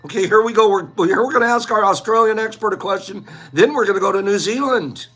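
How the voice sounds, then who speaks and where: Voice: medium pitch, fast talker, fairly bright tone, faint music behind. A livestream host in casual chat, playful and teasing, calling out chatters by name.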